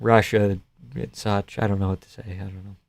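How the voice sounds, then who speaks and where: A young man from Canada doing live fight reaction commentary as a stream host, excitable, swearing and chatting with viewers. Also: on the low side, fairly quick, gravelly, dry recording, studio quality. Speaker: livestream host.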